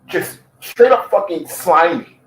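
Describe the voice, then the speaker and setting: A man's voice: high-pitched, lively intonation, slow, a little hiss or hum, low-quality recording. A man giving heated commentary, swearing constantly and repeating his points. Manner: profane, heated, repetitive. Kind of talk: ranting commentary.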